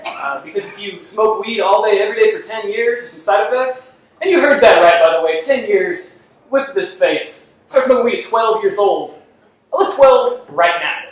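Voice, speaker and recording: A man's voice: high voice, normal speed. Guy doing standup, laughs at his own jokes, roomy echo, kinda far from the mic. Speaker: stand-up comedian. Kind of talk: stand-up comedy set. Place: comedy club stage. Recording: echoey club from far off with faint noise.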